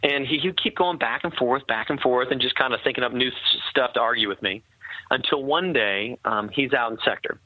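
Talking fairly quickly in a mid-range voice, a man who once served as an army captain shares a war story from his own life, earnest but stumbling through fillers and restarts. The line sounds tinny, like a phone, though there's no echo.

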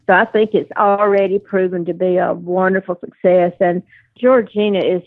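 A woman's voice: fairly low pitch, fairly even intonation, normal speed, no room sound. An older woman with a Southern US accent, telling family stories as an interview guest with easy fillers. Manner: storytelling, warm anecdotes with fillers. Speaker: guest, adoptive mother. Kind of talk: conversational interview. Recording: tinny phone line.

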